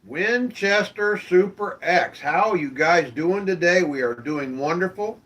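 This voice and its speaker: A man with a rather high voice hosts a live stream, chatting with his viewers in a friendly way. He talks slowly and easily and keeps asking them questions. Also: animated, fairly bright tone. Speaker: live-stream show host. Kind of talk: casual chat with viewers.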